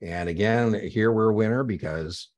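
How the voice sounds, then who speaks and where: A male exam prep instructor with a very deep, low voice. He lectures live online in an energetic, conversational way and punctuates his points with emphatic "boom"s. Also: moderate pace.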